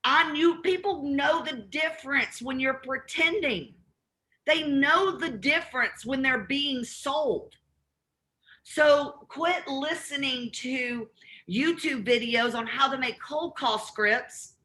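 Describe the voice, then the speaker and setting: A woman with a Southern accent running a live real estate training call, acting out both sides of cold calls in an animated way. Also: high voice, takes it slowly.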